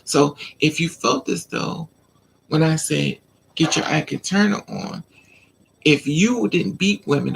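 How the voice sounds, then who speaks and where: A woman's voice: deep voice, gravelly, a little hiss or hum. A woman vlogger telling a personal story in a casual rant, animatedly acting out both sides of an argument.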